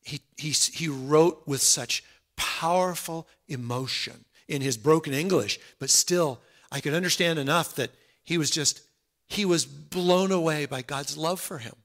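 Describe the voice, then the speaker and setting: A man preaches with earnest, conversational warmth, his slightly high voice unhurried and a bit slow, going quiet and then swelling loud.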